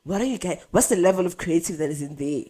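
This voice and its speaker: Woman, very low voice, mellow tone, podcast host, long winding questions. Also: animated, quick pace. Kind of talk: casual podcast interview.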